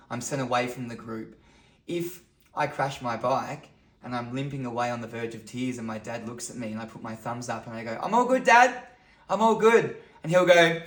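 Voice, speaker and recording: A man in his thirties, a guest talking earnestly in a reflective podcast conversation. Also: medium pitch. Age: 30s. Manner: earnest storytelling, acts out quotes. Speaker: podcast guest, men's coach. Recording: roomy echo.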